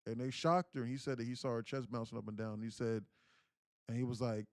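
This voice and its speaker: Slangy, dry-voiced young livestream host. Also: male voice, medium pitch, fairly even intonation, quick pace, no echo. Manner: emotional storyteller, acts out quoted pleas loudly; casual slangy speech with frequent fillers. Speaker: day trading livestream host. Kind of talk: casual livestream storytelling.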